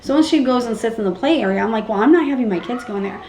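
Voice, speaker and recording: A young pregnant woman vlogging casually, animated and acting out what people said with big jumps in her voice. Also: very fast. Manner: animated, acts out quotes with big pitch jumps. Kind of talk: casual storytelling vlog. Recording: echoey room with faint background hum.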